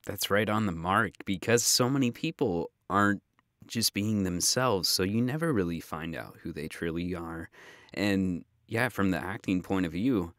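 A man hosting an interview podcast, asking questions in a relaxed, friendly way. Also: low-pitched, moderate pace, no echo, clean studio sound. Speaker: podcast host. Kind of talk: casual interview chat.

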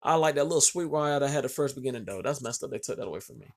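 A man's voice: mid-range voice, animated, very fast. A man hosting a gaming channel, giving boastful, hyped let's-play commentary, swearing and calling out to his viewers.

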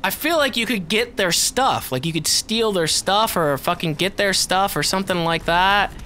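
A man giving profane, excitable let's play commentary, swinging from mutters to shouts and talking to the enemies on screen. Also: high voice, normal speed, a little hiss or hum. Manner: talks to the game and its enemies. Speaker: gamer.

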